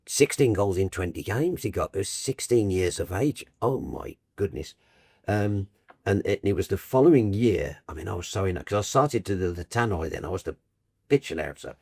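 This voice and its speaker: Older broadcaster, husky, deep, storytelling guest. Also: male voice, moderate pace, no room sound, studio quality. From Birmingham, England. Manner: warm anecdotal, animated, trailing restarts. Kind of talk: casual storytelling chat.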